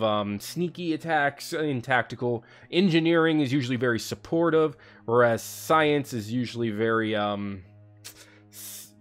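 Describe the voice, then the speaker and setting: A young man hosting a let's play, chatting excitably and reading game text aloud over faint music. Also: medium pitch. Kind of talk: casual gameplay commentary.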